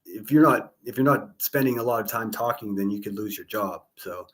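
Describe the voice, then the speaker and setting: A man's voice: on the low side, brisk, heavy background noise. Laid-back male livestream host. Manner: relaxed, laughs often, rambles with fillers when explaining. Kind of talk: casual livestream call-in chat.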